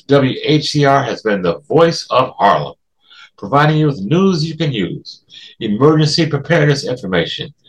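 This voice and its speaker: A man who hosts a community radio show, reading a scripted fundraising appeal in a clear, deliberate way. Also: rough recording. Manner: clear, deliberate read with lively pitch.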